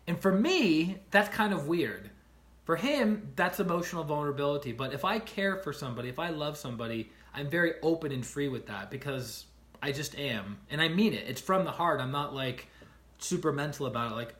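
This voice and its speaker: A man on a casual livestream, retelling stories in an animated way and acting out the people in them, often checking in with the listener with "right?". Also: mid-range voice, a little fast. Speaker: life coach streaming to viewers.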